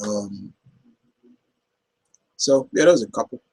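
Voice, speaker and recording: Husky-voiced man rambling through fan questions. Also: lowish voice, lively intonation, slow pace, darkish tone, poor audio. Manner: rambling, many fillers and restarts. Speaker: YouTube Q&A host. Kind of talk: casual Q&A chat.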